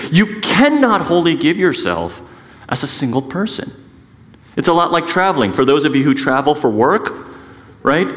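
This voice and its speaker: A middle-aged man preaching a sermon as a pastor, conversational and self-mocking, with lively emphasis and frequent asides. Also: fairly high pitch, in a large hall. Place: church sanctuary.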